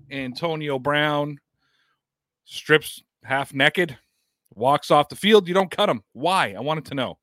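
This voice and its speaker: A man's voice: on the high side, dry recording, clean studio sound. A man hosting a sports podcast, chatting casually about football news, reading statements aloud and asking rhetorical questions. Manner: animated, reads quotes aloud, rhetorical questions.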